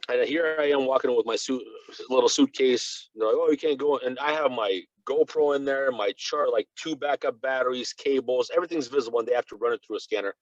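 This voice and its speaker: A man from Russia whose first language is Russian, a guest reporter telling an animated, rambling story full of "you know" fillers. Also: mid-range voice, fairly quick, no room sound, muffled recording. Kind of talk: casual conversational storytelling.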